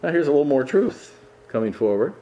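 A man's voice: fairly high pitch, big pitch swings, brisk, mellow, muffled recording. A man, a pastor, teaching through a Bible passage verse by verse in an enthusiastic, emphatic way with frequent chuckles.

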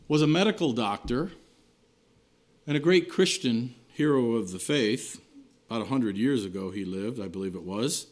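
A man preaching a sermon, earnest, rising to emphatic lines and then dropping low and quiet at the ends of phrases. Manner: earnest preaching with wide swings between raised and hushed phrases.

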